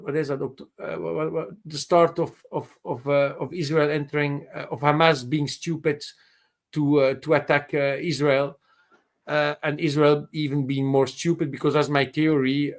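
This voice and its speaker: A man with a fairly high voice speaks on a live call-in show over a video call. His speech is halting, with many restarts and repeated words. He swears bluntly for emphasis while he sets out his opinions. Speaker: caller on a live open-mic show. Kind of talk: casual spoken opinion on current events.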